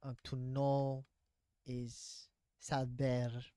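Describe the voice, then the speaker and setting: A man's voice: medium pitch, completely flat delivery, extremely slow, warm tone, clean tone, no room sound. A man vlogging his language practice, thinking aloud and correcting himself as he goes. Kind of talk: casual vlog, practicing aloud.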